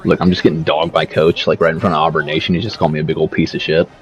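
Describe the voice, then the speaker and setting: A man's voice: rumbling low, flat delivery, rapid-fire. A man giving casual, rambling commentary over his gameplay, talking in loose slang and swearing freely. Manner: rambling, profane, laid-back slang. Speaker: gaming video creator. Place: seated at home setup. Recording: slightly dull lo-fi mic.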